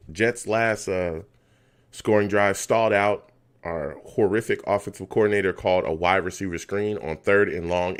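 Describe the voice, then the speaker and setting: A man hosting a live fan reaction stream for a football game, reading chat comments aloud and ranting heatedly about play calls. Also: low voice. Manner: animated, heated rants at the team.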